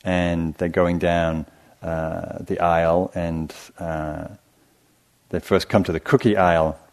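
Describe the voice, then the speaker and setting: A man giving a dharma talk as a meditation teacher at a retreat, reflective and gentle, telling stories with hesitant restarts. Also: low-pitched, flat delivery, slow pace.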